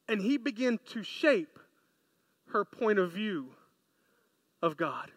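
A man preaching a sermon in an animated, conversational way, often asking his listeners questions. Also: high voice, moderate pace, long pauses, dry recording. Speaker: pastor. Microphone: close mic, podcast.

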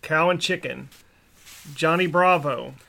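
A man's voice: a little high, takes it slowly, gravelly, bright, forceful tone. A man co-hosting a casual podcast, rattling off show titles and laughing easily. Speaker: podcast co-host. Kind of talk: casual chat.

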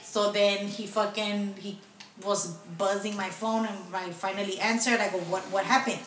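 A woman's voice: mid-range voice, fairly even intonation, normal speed, a bit bright. A woman, telling a story on a podcast, swearing constantly and acting out both sides of a phone call. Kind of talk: casual storytelling with profanity. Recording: echoey room, mic at a distance, faint noise.

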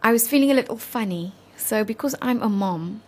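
A South African woman in her thirties, an interview guest telling a personal story in an earnest, halting, heartfelt way. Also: fairly high pitch, lively intonation.

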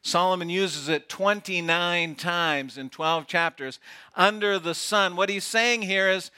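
A man preaching a sermon, playful and teasing, dropping to a hush to make a point. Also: high voice, a little slow, clear, resonant tone. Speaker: pastor. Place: outdoor gathering with camp chairs.

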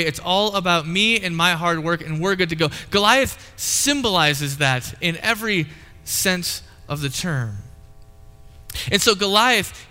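A high, very bright male voice carries through a long, ringing hall reverb. He is a pastor preaching and tells the story in a playful way, often slipping into quick acted-out lines. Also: clear, resonant tone. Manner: storytelling, acts out quotes playfully. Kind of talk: sermon with live demonstration.

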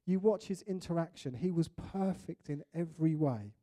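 A man delivers a sermon with an animated, storytelling style, often slipping into little acted-out voices. He grew up in England. His voice sits fairly high for a man, with a soft, mellow tone. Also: moderate pace. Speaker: preacher.

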